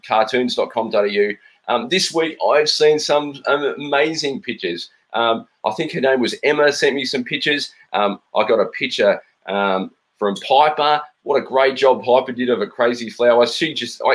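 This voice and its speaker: A man's voice: medium pitch, animated, normal speed, a bit bright. A middle-aged man with an Australian accent, a cartoonist chatting playfully while drawing live, with frequent ums. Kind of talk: live-stream drawing chat.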